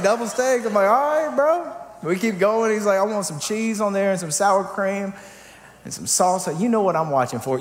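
Male pastor, sermon storytelling, comic then earnest, slightly high voice, long hall reverb. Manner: humorous storytelling, shifting to earnest and quiet.

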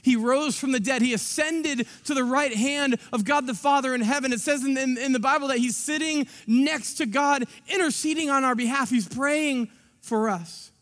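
A man in his thirties, a pastor preaching a sermon in a church, animated and breaking into acted-out scenes with quick asides. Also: very high voice. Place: church sanctuary. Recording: long hall reverb.

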